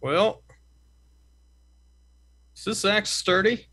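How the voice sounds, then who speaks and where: A man playing a tabletop game, talking casually in a brash, impatient way with quick questions. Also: high voice, sharp tone, breathy edge. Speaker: player.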